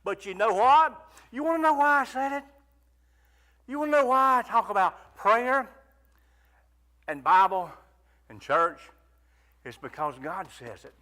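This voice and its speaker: A man preaching a fervent sermon, rising to near shouts and pleading prayers. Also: sits high.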